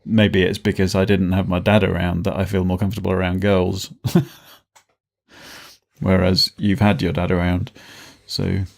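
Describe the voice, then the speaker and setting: A man talks casually on a podcast, thinking out loud and breaking into laughter often. His voice sits very low, with a rough, gravelly edge. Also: flat delivery, normal speed. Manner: reflective, laughs often, musician. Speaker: podcast co-host.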